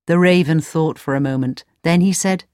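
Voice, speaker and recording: Storybook narrator, woman, calm and measured, lowish pitch, dry close sound. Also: smooth, no echo. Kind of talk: storybook reading.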